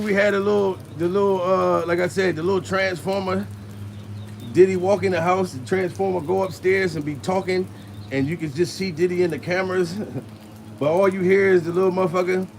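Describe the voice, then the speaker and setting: A man with a high, gravelly voice riffs in a crude, rambling comedic commentary, breaking into laughter as he goes. He sounds out of breath. Faint noise hums behind him. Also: steady tone, fairly quick.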